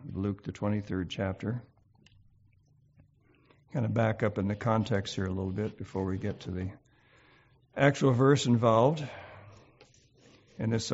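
A man's voice: fairly low pitch, a little mellow, muffled recording. A man hosting an informal Bible study, thinking aloud with many fillers as he reads and explains scripture.

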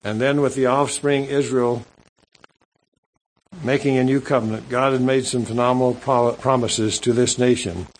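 Man, preacher, sermon, middle pitch, measured halting delivery, scripture reading. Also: steady tone, poor audio. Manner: measured, halting delivery with repeated words and asides.

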